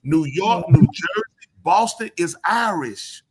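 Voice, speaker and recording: A man hosting a live talk show, telling stories in an animated, emphatic way. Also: sits high, takes it slowly, a little hiss or hum. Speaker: show host.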